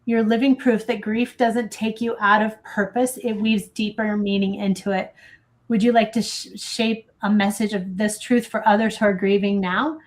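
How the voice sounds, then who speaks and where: A woman's voice: mid-range voice, level tone, normal speed. A woman hosting a talk show in a studio, reading a text aloud with earnest feeling and breaking into casual chat. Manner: earnest, gets emotional while reading. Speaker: show host.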